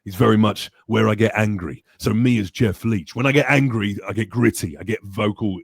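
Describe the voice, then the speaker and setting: A male actor talks about his voice work in an animated, joking way. His voice sits on the low side, and the recording is dry and close. The chat is loose and casual. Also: normal speed, gravelly, few pauses, husky, dry recording. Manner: animated, expressive, jokey. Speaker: actor and voice actor guest.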